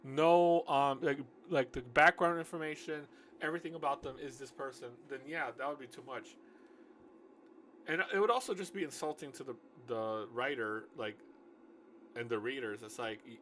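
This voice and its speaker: Reading his novel in a casual, self-correcting way, a man keeps pausing to joke about and argue with what he wrote. His voice is mid-range and fairly bright, moving at a moderate pace, with slight background noise.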